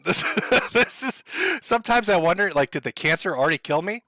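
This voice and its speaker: A man's voice: high-pitched, animated, fairly quick, bright, forceful tone, no room sound. A man ranting on a livestream, rambling, sarcastic and profane, often laughing at his own jokes. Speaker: streamer. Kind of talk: casual livestream rant.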